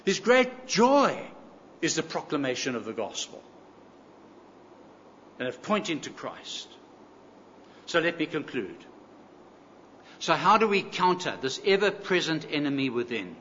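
A man's voice: on the high side, sing-song, unhurried, pauses often, fairly bright tone, a little hiss or hum. A man preaching a sermon, emphatic, repeating key phrases and asking the congregation rhetorical questions. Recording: echoey hall, slightly dull sound.

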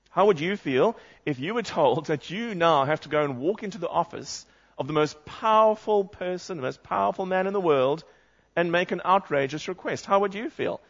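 A man's voice: a little high, creaky. A man preaching a sermon, reading scripture aloud and putting questions to the congregation. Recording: muffled lo-fi sound.

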